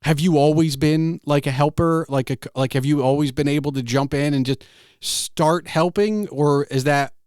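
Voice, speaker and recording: A man's voice: fairly high pitch, moderate pace, darkish tone, smooth, no echo, studio quality. A man in his forties hosting a podcast interview, asking long, rambling questions full of "like". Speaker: podcast host. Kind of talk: conversational interview.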